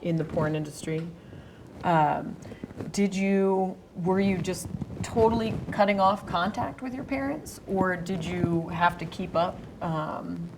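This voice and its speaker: Woman host, slightly low voice, slow and hesitant, over a noisy hiss. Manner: hesitant, many pauses and fillers. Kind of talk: interview.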